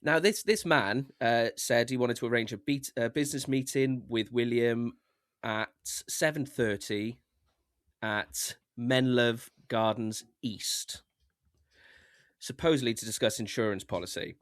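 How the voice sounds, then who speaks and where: Man, casual podcast chat, mid pitch, dry sound. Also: unhurried, no room sound. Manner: breezy, rambling, swears casually. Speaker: podcast co-host. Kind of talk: casual chat telling stories.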